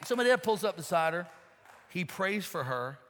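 A man's voice: high-pitched, big pitch swings, fairly quick, a bit bright. A man preaching a sermon, telling a folksy story and talking straight to his congregation. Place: church sanctuary. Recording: long hall reverb.

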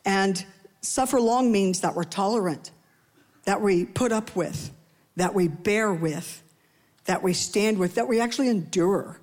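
A woman gives a sermon a little slowly in a darkish-toned voice. Conversational and playful, she offers asides to the congregation and frequently performs quoted voices by raising her pitch.

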